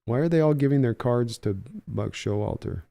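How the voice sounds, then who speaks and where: A man with a smooth, resonant voice hosts a live baseball reaction stream. He mixes excited play-by-play calls with easygoing chat aimed at his viewers. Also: medium pitch, moderate pace. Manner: excitable home run calls, chatty while reading chat.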